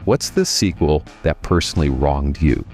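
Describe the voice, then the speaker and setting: Deep-voiced, sarcastic male film reviewer. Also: lively intonation, moderate pace, a little mellow, faint music behind. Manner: wry, sarcastic. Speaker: host.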